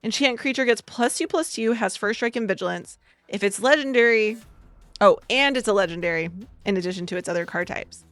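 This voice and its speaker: A woman with a slight cold, opening trading card packs in a bubbly vlog and reading card text aloud quickly. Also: medium pitch, fairly bright tone, dry recording. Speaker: card-opening content creator. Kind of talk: excited pack-opening vlog.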